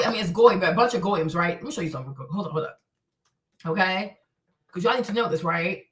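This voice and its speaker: A woman hosting her own stream, talking in an animated, blunt way with plenty of profanity and repetition. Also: fairly high pitch. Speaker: show host. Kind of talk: livestream commentary rant. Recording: echoey room, distant from mic.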